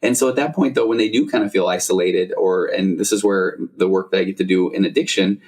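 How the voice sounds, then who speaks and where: Deep-voiced man hosting a podcast. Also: steady tone, fast, a little mellow. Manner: rambling, self-interrupting, frequent fillers. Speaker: podcast host and therapist. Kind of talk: casual conversational interview.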